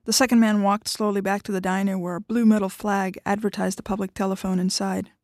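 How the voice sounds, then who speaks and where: A woman reads fiction aloud at a measured pace. Her voice sits at a middling pitch, and the sound is dry and close, with no room around it. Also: flat delivery, a little mellow, no echo. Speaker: story reader.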